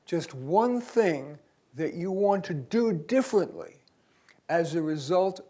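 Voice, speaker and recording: A man with a slightly higher voice delivers a career seminar, reading his own short article aloud at a deliberately slowed pace. He is a naturally fast talker holding himself back in a university auditorium. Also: lively intonation, dark tone. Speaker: career coach giving a seminar talk.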